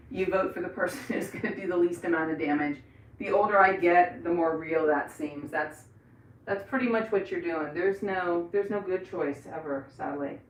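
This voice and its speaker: Chatty middle-aged woman, echoey room. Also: fairly low pitch. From Florida. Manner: chatty, rambling, laughs often. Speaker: livestream host. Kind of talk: casual live chat. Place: indoors in a bathroom. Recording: echoey room, voice from some distance.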